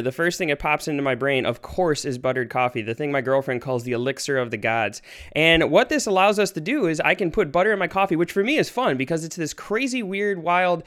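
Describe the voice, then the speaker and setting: An American man hosts his own science podcast, tumbling from one idea to the next with eager energy. His voice is clear and smooth and sits slightly high, and the words pour out fast. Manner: energetic, rambling, excitable. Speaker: podcast host. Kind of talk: enthusiastic casual science podcast.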